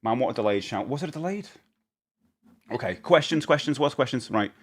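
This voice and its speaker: Middle-aged male streamer, rambling casual talk, animated pitch. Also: brisk. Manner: rambling, chatty, often laughing. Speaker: live streamer. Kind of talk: casual live-stream chat.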